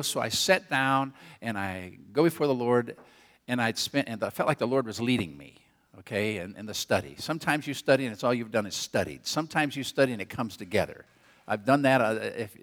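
An older man preaching a sermon as a rambling story, folksy and self-deprecating, with quick asides to the congregation and a rural turn of phrase. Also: mid-range voice, lively intonation, a bit bright. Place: church auditorium. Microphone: handheld or headset mic.

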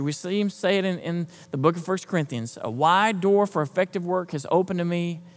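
Pastor, high-pitched man, conversational preaching, long church reverb. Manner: conversational, quizzes the congregation, repeats words. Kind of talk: sermon. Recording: echoey hall, long reverb.

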